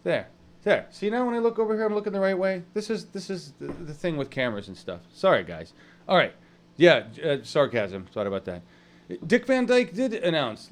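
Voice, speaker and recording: A man hosting an online news stream in casual live talk, rambling and halting with many fillers as he greets viewers from the chat. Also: high-pitched.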